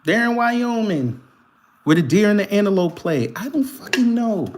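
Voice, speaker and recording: A man hosting a live commentary stream, reading a news article aloud and firing back at viewers in chat. He talks in an animated, profane way and laughs often. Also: high-pitched, normal speed. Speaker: commentary channel host.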